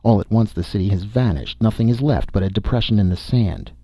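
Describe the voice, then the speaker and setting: A man reading aloud, voicing a hard, demanding older male Martian official with a sharp, suspicious manner. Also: lowish voice, expressive, a little fast, husky, dry recording. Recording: dull, lo-fi dry recording.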